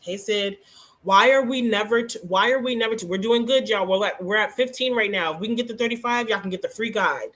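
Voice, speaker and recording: A woman hosting a casual hair care livestream, teaching and teasing viewers by name in an animated way. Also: medium pitch, a little fast.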